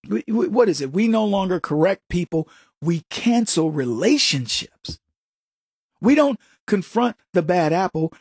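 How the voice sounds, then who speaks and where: A middle-aged man delivers a pointed political monologue with a slightly husky edge to his voice. His pitch swings up and down freely as he mocks and preaches, and the sound is close and dry, with no room around it. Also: darkish tone, no room sound. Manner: sarcastic, preachy, addresses listeners as folks. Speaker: political commentary host. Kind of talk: opinionated monologue.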